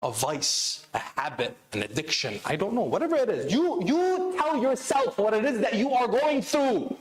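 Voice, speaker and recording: Animated man preaching in an echoey hall. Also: high-pitched, normal speed. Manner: animated, calls on the audience with repeated questions. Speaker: speaker at a religious celebration. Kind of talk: interactive sermon. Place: large hall of an Islamic center.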